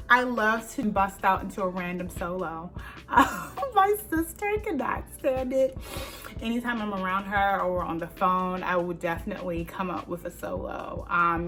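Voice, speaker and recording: A woman with a fairly low voice chats through a casual Q&A vlog, full of ums and little laughs. Faint music plays softly behind her. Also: steady tone, moderate pace. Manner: chatty, filler-heavy, laughs often. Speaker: YouTuber.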